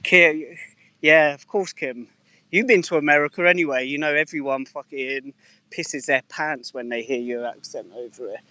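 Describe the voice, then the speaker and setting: A man's voice: on the high side, moderate pace, bright, forceful tone, clean tone, no room sound. Casual English man chatting on a live stream. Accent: English, slightly mixed. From England. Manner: swears casually, chats to viewers by name. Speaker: livestreamer.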